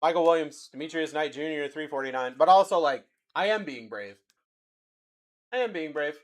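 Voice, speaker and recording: A man's voice: fairly high pitch, normal speed. A young man hosting a live card-break stream, chatting with viewers in a hyped way as he calls out player names to buyers. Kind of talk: livestream card-break calling.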